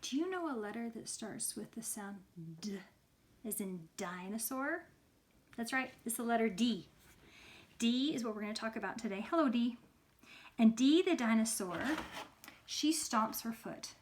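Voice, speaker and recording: A woman's voice: a little high, animated, moderate pace. A woman teaching letters to young children in an upbeat, sing-song, coaxing way. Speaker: preschool teacher.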